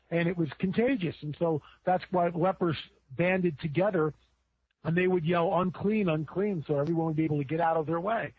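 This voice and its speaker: A man's voice: a little high, no echo. A man, a podcast guest, preaching in a casual way, often repeating words and building up with rising emphasis. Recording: dry tinny phone line.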